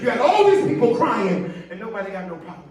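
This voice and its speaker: High-voiced preacher in an echoey church. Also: male voice, very animated, quick pace. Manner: call-and-response preaching, rising to shouts. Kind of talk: sermon. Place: large church sanctuary. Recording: echoey church, far from mic, congregation.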